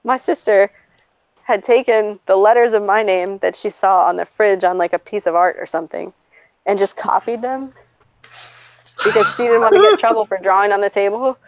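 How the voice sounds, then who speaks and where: A woman's voice: mid-range voice, normal speed, dry recording. A woman in her twenties chatting casually and telling personal stories, blunt and profane, often laughing as she talks. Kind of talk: casual chat, personal storytelling. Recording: slightly dull, dry recording.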